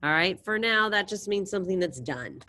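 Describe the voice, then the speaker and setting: A woman's voice: medium pitch, animated, moderate pace, bright, forceful tone, slight background noise. A woman teaching a language class over a video call, encouraging her students and drilling verb endings aloud. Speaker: Spanish teacher. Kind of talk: online class lesson.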